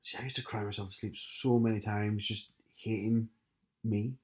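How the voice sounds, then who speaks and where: Low-voiced man, casual chat. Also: fairly even intonation, normal speed, darkish tone. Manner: brief, reactive, supportive replies.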